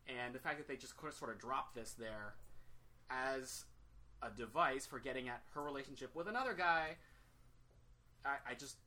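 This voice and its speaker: A man's voice: mid-range voice, moderate pace, long pauses, bright, forceful tone. A man on a movie podcast panel, giving his view hesitantly, with many restarts and some self-deprecating humor. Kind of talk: casual movie discussion.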